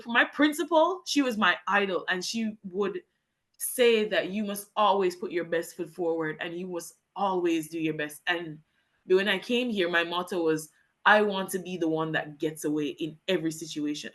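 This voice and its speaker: Earnest young woman, lowish voice. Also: fairly bright tone. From Jamaica. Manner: earnest and heartfelt, talks in long winding sentences. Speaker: guest, English teacher in Japan. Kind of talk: candid personal storytelling in a podcast interview.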